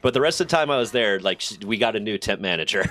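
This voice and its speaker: A young man streaming a game, telling a story in a casual, animated way and acting out the people in it. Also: on the low side, quick pace. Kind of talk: casual storytelling while gaming.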